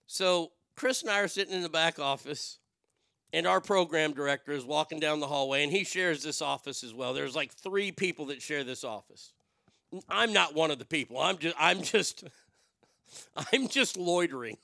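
A man's voice: a little high, expressive, normal speed, vocal fry, no echo, clean studio sound. A man hosting a radio show, telling a story and then going into a profane, building rant. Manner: profane, building to shouted outrage. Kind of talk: storytelling and ranting.

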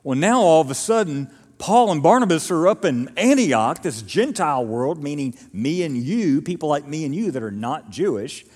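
Animated pastor preaching in a hall. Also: male voice, a little high, normal speed, few pauses, slightly rough. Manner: animated storytelling, acts out quotes. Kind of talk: sermon. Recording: reverberant church hall.

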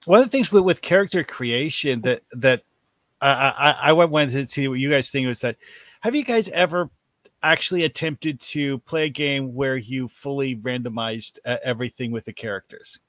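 A man's voice: medium pitch, normal speed, a bit bright, dry recording. A man joining a live-streamed chat as a guest, asking questions hesitantly with many stammers. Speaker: guest caller.

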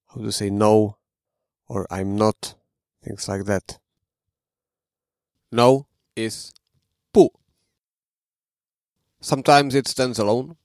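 A man's voice: on the low side, a little mellow, dry recording, clean studio sound. A man teaching a podcast language lesson, speaking carefully and demonstrating pronunciation. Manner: slow, careful, demonstrates tones.

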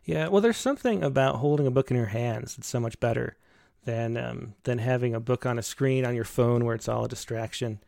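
A man's voice: mid-range voice, fairly quick, gravelly, a little mellow, dry recording. Hesitant man hosting with a dry sound. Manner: hesitant, restarts often, earnest. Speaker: podcast host. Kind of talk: casual conversation.

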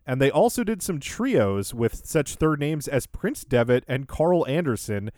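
A man hosts a podcast and walks through the show beat by beat in a relaxed, chatty way, chuckling now and then. His voice sits at an ordinary middle pitch. The sound is close and dry, with no room around it. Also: measured pace, no echo. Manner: recaps events in order, laughs easily. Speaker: podcast host. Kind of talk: casual recap chat.

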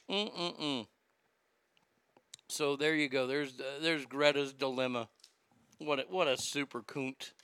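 A man in his late forties hosting a live show, ranting crudely and mockingly, swinging between loud outbursts and mutters. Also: medium pitch, takes it slowly, long pauses, smooth, no room sound. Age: late 40s. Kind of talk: crude comedic rant.

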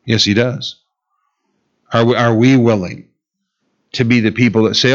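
A man's voice: mid-range voice, steady tone, unhurried, pauses often, lo-fi sound. A man preaching a conversational sermon on love and forgiveness, joking and chuckling as he goes. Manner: conversational, humorous, chuckles often.

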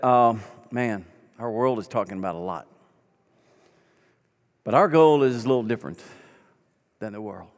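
Folksy pastor in his sixties, echoey hall. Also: medium pitch. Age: 60s. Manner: folksy, conversational, acts out quoted dialogue. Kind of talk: storytelling sermon.

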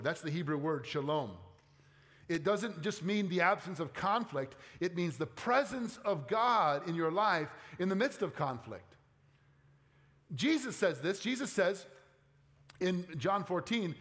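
A man's voice: on the high side, expressive, normal speed, a bit bright. A middle-aged man, a pastor preaching a sermon in a conversational way, often asking the congregation questions.

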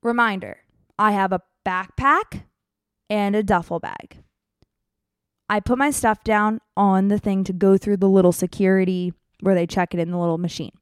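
A young woman telling a travel story in a casual, animated, exaggerated way. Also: medium pitch, normal speed, clear, resonant tone, dry recording, studio quality.

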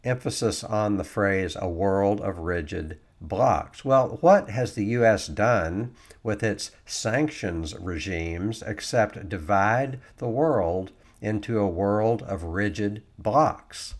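A man's voice: on the low side, slow, hardly any pauses. A man giving political commentary, reading quotes aloud and adding sarcastic asides.

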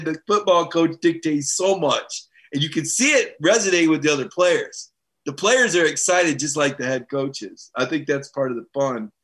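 A man's voice: on the high side, bright, forceful tone. A middle-aged man hosting a live sports show, chatting casually and upbeat as he reads viewer comments and acts out quoted voices.

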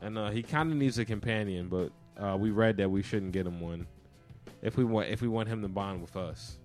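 A man's voice: lowish voice, a little fast, a little mellow, soft background music. Laid-back man telling casual stories. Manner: laid-back storytelling, slangy, jokey. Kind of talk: casual chat.

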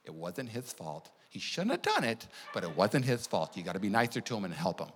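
A man voicing his calm mother gently lecturing a child, spoken low and soft with long hall reverb. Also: a little fast, a little hiss or hum. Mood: gentle. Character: calm patient mother, adult woman.

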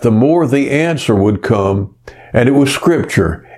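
Male pastor, sermon, very slow pace, medium pitch, earnest, pauses on "uh". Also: expressive, darkish tone. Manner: earnest storytelling, frequent "uh" pauses.

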